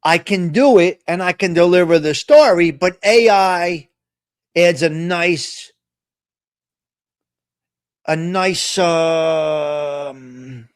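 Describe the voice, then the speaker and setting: A man with a fairly high voice rambles through a casual live stream, blunt and quick to mock. The sound is dry and close, with no room around him. He jumps from thought to thought in plain everyday talk. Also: clear, resonant tone, dry recording. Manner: rambling, blunt, mocking asides.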